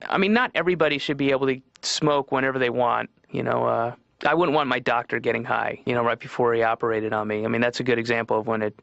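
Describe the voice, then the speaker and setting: A man's voice: mid-range voice, fairly even intonation, fast talker, gravelly, few pauses, a bit bright, dry recording. A man doing a rambling, wry stand-up routine as a patient in a cartoon, heard as muffled lo-fi TV audio. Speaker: comedian patient.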